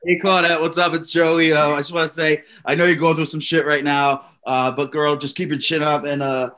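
A man putting on a plain, low-key "straight guy" voice and giving a calm, even pep talk. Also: a little fast. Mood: encouraging.

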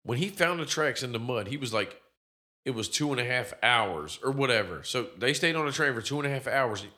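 A man's voice: medium pitch, lively intonation, fairly quick, pushed and bright. A man in casual, profane chat, animatedly retelling a movie's plot with a co-host.

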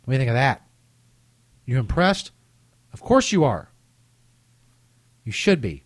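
A man's voice: mid-range voice, big pitch swings, unhurried, long pauses, no echo. A man hosting a comedic podcast alone, boasting and swearing in a cocky, rambling rant while coming down with a cold. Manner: cocky, profane, boastful bits. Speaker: podcast host.

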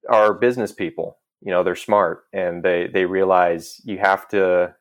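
A man's voice: sits low, fairly even intonation, unhurried. A man in his thirties in a casual conversation, telling stories with self-deprecating humor and frequent laughs. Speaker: guest.

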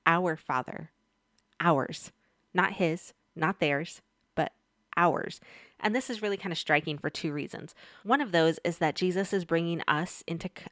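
A woman's voice: low-pitched, no room sound, studio quality. A woman giving a casual devotional Bible lesson, chatty and speaking straight to her viewers with questions. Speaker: Bible teacher.

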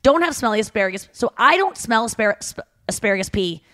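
A woman's voice: a little high, animated, fast talker, bright, forceful tone. A woman co-hosting a casual podcast, chatting and reading out fun facts and online posts. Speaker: podcast co-host.

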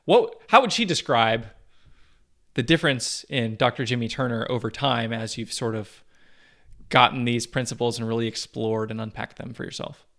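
A man's voice: mid-range voice, moderate pace, fairly bright tone. A man hosting a podcast, asking questions and closing the show in a friendly, polished way. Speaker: podcast host. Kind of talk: podcast interview and outro.

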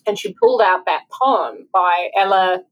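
A woman's voice: lowish voice, animated, measured pace, muffled recording. A woman, telling personal stories earnestly as a guest author in an interview. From South Africa. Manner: earnest, heartfelt storytelling. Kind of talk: interview conversation.

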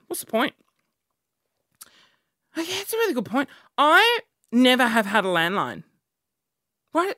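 Aussie woman rambling on, self-mocking, really bouncy pitch, dry close sound. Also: fairly bright tone, dry recording. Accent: Australian. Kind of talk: casual monologue.

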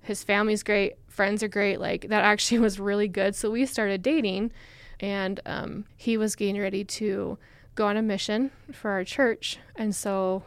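A young woman recounts her story as a guest, chatty and full of "like" fillers. Her voice is smooth and clear, with a middle pitch. The sound is dry and close, with no room in it. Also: fairly even intonation, moderate pace, no room sound. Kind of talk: casual storytelling.

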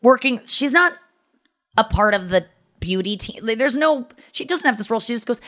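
A woman hosting a podcast, telling a story in a chatty, animated way, full of "like" fillers and wry self-mockery. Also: a little high, normal speed. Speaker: podcast host. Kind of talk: casual comedic storytelling.

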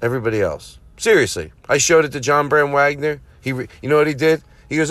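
A man's voice: fairly high pitch, quick pace, few pauses, a bit bright, no echo. A man hosting a comedy podcast, talking in a rambling, profane, self-mocking monologue. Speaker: podcast host.

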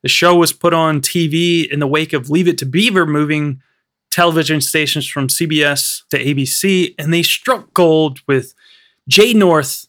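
A man's voice: fairly high pitch, moderate pace, a bit bright. A man co-hosting a film podcast, recounting film history in a rambling way with many fillers. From United States. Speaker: podcast co-host. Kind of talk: casual film podcast chat.

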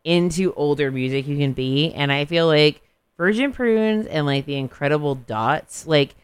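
A radio host with a lisp talks about music in a loose, jokey way and laughs easily. The voice is smooth and clean. The sound is close and dry, with no room around it. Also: medium pitch, dry recording. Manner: chatty, jokey and quick to laugh. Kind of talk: casual music chat.

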